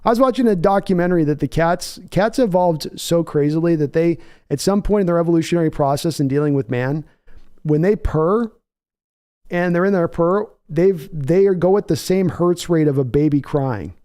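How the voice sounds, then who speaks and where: Brief: rambling male stream host, warm-toned, casual play-by-play. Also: fairly high pitch, normal speed, smooth. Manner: rambling, filler-heavy. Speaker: podcast host. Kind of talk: casual live chat with play-by-play.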